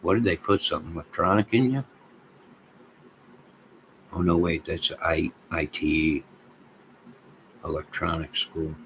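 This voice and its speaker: Deep gravelly man rambling on a livestream. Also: measured pace, long pauses, slight background noise, rough recording. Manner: rambling, joking and deadpan, talking to viewers in chat. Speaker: livestream host. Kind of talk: rambling casual livestream chat with chat members.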